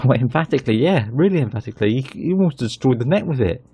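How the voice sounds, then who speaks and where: A man hosting his gaming channel, chatting casually through a football management game and getting excited at goals. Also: medium pitch, quick pace, slightly rough, no room sound.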